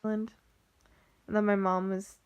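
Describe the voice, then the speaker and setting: This time the young vlogger speaks slowly in a level, medium-pitched voice with a clean tone, though the recording cuts off the highs. With her General American, Western US accent, she meanders about her family, saying "like" constantly and frequently starting over.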